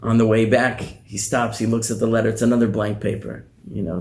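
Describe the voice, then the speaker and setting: A man, a rabbi teaching a class, telling a story in a conversational, animated way with many restarts. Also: fairly low pitch, brisk, hardly any pauses. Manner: animated, conversational, repeats words. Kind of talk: storytelling in a lecture.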